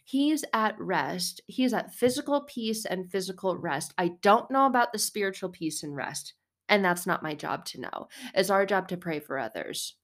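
Animated woman in casual faith talk. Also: mid-range voice, moderate pace. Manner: animated, rambling, breaks into song. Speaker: vlogger.

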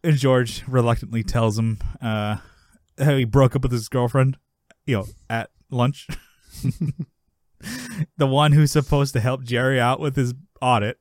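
A man co-hosting a podcast, casually recapping a sitcom episode and acting out the characters' lines with his voice jumping up high. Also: a little slow, no echo, studio quality. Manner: animated retelling, acting out characters' lines in a raised voice. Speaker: podcast co-host.

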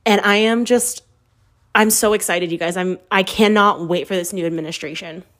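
Thirties woman, podcast host, animated confessional storyteller who pokes fun at herself. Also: medium pitch, moderate pace. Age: 30s. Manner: animated, candid, self-mocking storytelling. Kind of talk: casual confessional chat.

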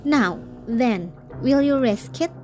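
Woman narrator voicing a firm, lecturing storybook king, slow and measured. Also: sits high, animated, warm tone, faint music behind. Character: firm, reasonable fairy-tale king.

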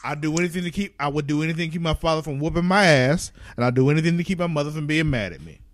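A young man co-hosting a podcast in casual chat, animated, laughing often and swearing freely. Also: on the high side, rapid-fire, no echo. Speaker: podcast co-host.

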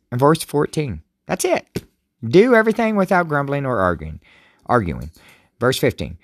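A man's voice: medium pitch, dry recording, clean studio sound. A man casually reading Bible verses and commenting, rambling and joking, often stumbling over words. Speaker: devotional vlogger.

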